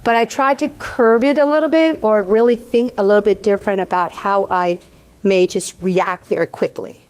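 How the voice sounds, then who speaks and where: A woman's voice: mid-range voice, darkish tone, dry recording. A middle-aged woman speaking as a panelist at a workshop, talking candidly and earnestly in a conversational way, often restarting her sentences. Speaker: panelist, community program leader. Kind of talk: panel discussion talk.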